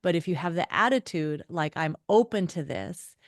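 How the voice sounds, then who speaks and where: A middle-aged woman author, a guest on a podcast, chatting and telling lively stories, acting out the voices of people she quotes. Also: fairly low pitch, normal speed, no echo, clean studio sound. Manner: animated storyteller, acts out quoted voices. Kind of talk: conversational interview.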